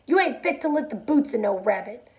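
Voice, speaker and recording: A giant imaginary rabbit taunts with open scorn, as a woman reads it aloud. The voice sits a little high and mocks every word. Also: lively intonation, brisk, darkish tone, close to an everyday voice. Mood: scornful.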